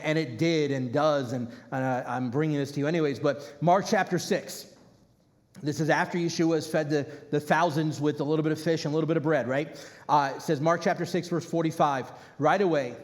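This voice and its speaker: Animated casual preaching man in a hall. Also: a little high. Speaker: rabbi. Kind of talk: sermon. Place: congregation hall. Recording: reverberant hall.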